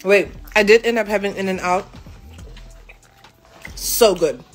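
A woman chatting excitedly to a phone camera in a casual vlog, with music playing underneath. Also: medium pitch, slow pace.

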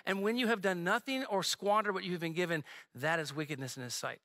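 A man's voice: sits high, fast talker, pushed and bright. A male pastor preaching a sermon in a conversational, joking way, full of asides to the congregation. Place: church sanctuary.

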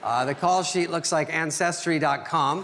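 Deadpan middle-aged comedian in a hall. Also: male voice, on the high side. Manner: dry, deadpan, pausing for punchlines. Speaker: comedian roasting a friend. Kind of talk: stand-up roast speech. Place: theater stage at an award ceremony. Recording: reverberant hall, noisy live recording.

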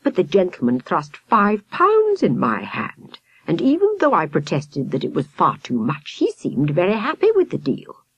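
A woman's voice: fairly low pitch, huge pitch swings, moderate pace, husky, dry recording, lo-fi sound, heavily acted. A woman voicing a fluttery, genteel older lady in a storybook.

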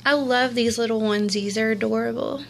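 A woman's voice: on the high side, steady tone, a little fast, creaky, a little hiss or hum. A young woman, cooing and gushing over an unboxing in casual commentary. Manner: gushing and cooing, repeats exclamations. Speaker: vlogger unboxing a doll.

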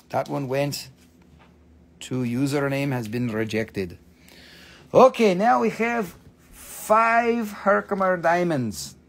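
A man hosting a live-stream mineral sale, gushing excitedly over each stone, swearing freely and calling out prices. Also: fairly high pitch, vocal fry. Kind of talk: live-stream sales chat.

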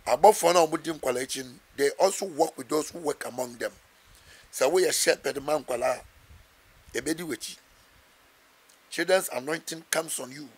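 A man's voice: a little high, unhurried, pauses often, a little mellow, slightly rough. A man with a Ghanaian accent, a pastor answering interview questions in an earnest preaching manner, quoting scripture and mixing in Twi phrases. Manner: earnest, quotes scripture, switches between English and Twi.

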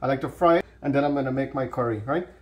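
A man with a Guyanese accent hosting a home cooking channel, telling a long joke in an easygoing, relaxed way before cooking. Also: mid-range voice, rapid-fire. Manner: easygoing storyteller, relaxed creole grammar. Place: home kitchen.

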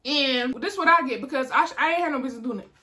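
A young woman vlogger telling a story in casual chat, animated and acting out the people in it. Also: sits high, racing. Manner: animated, acts out voices in her story.

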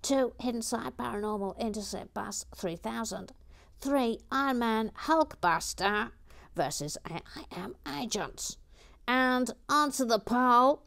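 A woman hosting a relaxed building video, chatting casually and often dropping to a whisper. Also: a little high, vocal fry. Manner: chatty, often drops to a whisper, rambling asides. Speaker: host.

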